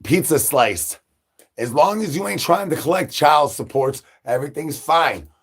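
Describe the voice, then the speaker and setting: A man rambling through absurd nonsense banter on a comic live stream, breaking into sudden high shouted asides. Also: expressive, measured pace, slightly rough. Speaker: livestreamer.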